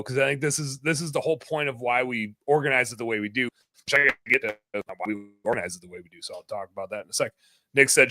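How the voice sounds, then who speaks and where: A man's voice: lowish voice, sharp tone, no echo. A man hosting a podcast in casual chat, joking, laughing often and reading listener comments aloud. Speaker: podcast host.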